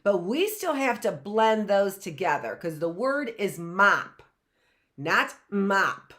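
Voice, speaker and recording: A woman's voice: mid-range voice, big pitch swings, a bit bright. A woman teaching a live phonics lesson, sounding out letters and answering her own questions, often asking "right?". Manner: asks the class and answers herself, sounding out letters; drawn-out, repeated sounds and frequent "right?".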